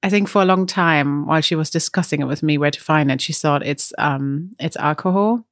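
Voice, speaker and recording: A woman's voice: sits low, a little fast, no room sound, clean studio sound. A woman with a German accent, co-hosting a podcast in a chatty storytelling manner and laughing often. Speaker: podcast co-host. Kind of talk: casual chat.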